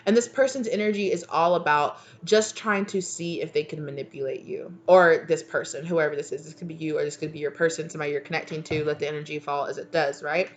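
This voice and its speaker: A woman's voice: deep voice, steady tone, a little fast. A woman giving a casual, rambling channeled tarot reading, full of "like" and "okay". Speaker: tarot reader.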